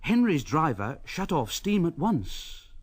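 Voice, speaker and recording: A man narrating a storybook in a slow, expressive way. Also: on the high side, husky, no echo.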